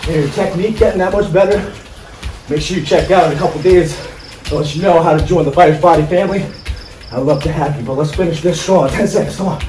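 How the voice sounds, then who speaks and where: A man coaching a boxing cardio workout live, energetic and urging the viewer on with short commands. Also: high voice. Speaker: fitness coach. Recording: far-off mic with echo and insect noise.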